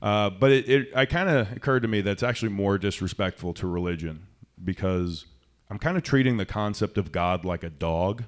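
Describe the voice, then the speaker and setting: A young man doing a stand-up comedy set in a club, rambling and self-deprecating, going from loud bursts to mumbled asides. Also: on the low side, normal speed.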